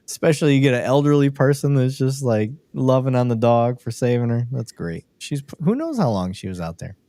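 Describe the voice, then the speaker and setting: A male host chats casually on a live stream, laughing often and swearing freely. His pitch swoops up and down with lively energy, and the sound is close and dry. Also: a little fast, dry recording. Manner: animated, profane, laughing a lot.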